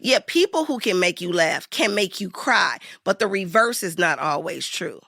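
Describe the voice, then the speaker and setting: Woman in her 50s, bright forceful voice, dry close mic, acts out all the voices in her stories. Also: fairly low pitch, expressive, moderate pace, vocal fry, dry recording. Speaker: interview guest, actor. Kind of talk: storytelling interview.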